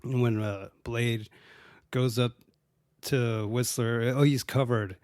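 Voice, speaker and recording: A man talks alone through a movie recap in a loose, rambling way, cursing freely and dropping "dude" and "like" everywhere. His voice sits at an ordinary middle pitch, and the recording is dry and close. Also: steady tone, slow, darkish tone, smooth, no echo. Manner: profane, rambling, says "dude" a lot. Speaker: podcast host. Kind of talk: casual solo movie recap.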